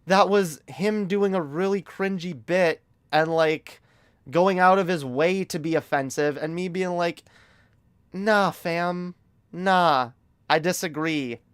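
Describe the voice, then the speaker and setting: A man's voice: high voice, a little slow, smooth, no room sound. A man streaming a heated, casual commentary rant, emphatic and profane, often stumbling over repeated words.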